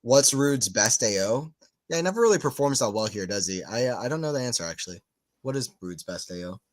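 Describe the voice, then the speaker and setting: A man's voice: medium pitch, expressive, a little fast. Chatty man calling tennis live. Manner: chatty, rambling asides between point calls. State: just woke up. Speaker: live watchalong commentator. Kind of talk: casual live tennis commentary.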